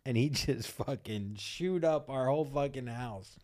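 A man's voice: medium pitch, a little slow, a little mellow. A man co-hosting a podcast, talking in crude, laid-back, joking banter. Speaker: podcast co-host.

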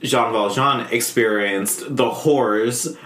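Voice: mid-range voice, slow, fairly bright tone, slight background noise. A podcast co-host chatting casually, rambling with many ums and laughing mid-sentence. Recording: echoey room.

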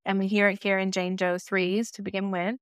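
A woman's voice: mid-range voice, little pitch movement, fairly quick, smooth, dry recording. A woman speaking in a middle register on a podcast, her voice close and dry with no room around it. She shares a personal story in a candid, conversational way. She slips into the voices of people from her memories as she goes. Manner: candid and personal, acting out remembered dialogue. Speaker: podcast co-host.

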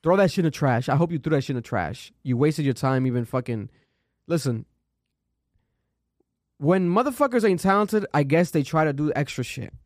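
A man co-hosting a casual show, swearing freely and mocking performances in animated commentary. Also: fairly high pitch, normal speed, dry recording, studio quality. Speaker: co-host.

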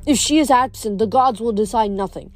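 A woman's voice: fairly high pitch, a little fast, natural voice. A woman voicing a stern ancient huntress girl who speaks in a formal, archaic way. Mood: curt formal.

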